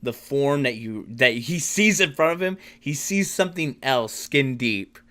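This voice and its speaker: A man's voice: mid-range voice, lively intonation, measured pace, sharp tone. A man narrating as game master of a tabletop role-playing game, rambling with many restarts and fillers.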